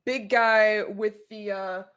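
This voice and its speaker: A woman playing a tabletop role-playing game, talking in a halting way full of fillers and swearing. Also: mid-range voice, fairly even intonation, a bit bright. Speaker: player.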